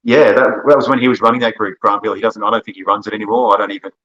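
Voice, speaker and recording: A man's voice: lowish voice, fairly even intonation, racing, a bit bright, lo-fi sound. A man with an Australian accent, a podcast guest telling long, rambling stories and laughing often. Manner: rambling storyteller, laughs often, self-corrects. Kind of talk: casual conversation.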